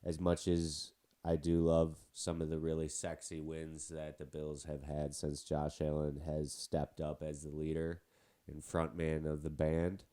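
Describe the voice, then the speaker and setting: A man with a heavy cold talks sports on his own show, his voice stuffed-up and nasal. It sits very low and mellow as he rambles on with side remarks about his teams. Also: monotone, a little slow. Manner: chatty, rambling with asides. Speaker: podcast host. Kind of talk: casual sports podcast talk.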